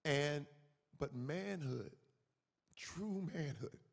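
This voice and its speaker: Man in his forties, conference guest; raised pitch, gravelly edge, lively storyteller, hall echo. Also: drawn-out words. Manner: animated, acts out quoted voices, emphatic. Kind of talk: on-stage conversation. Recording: reverberant hall.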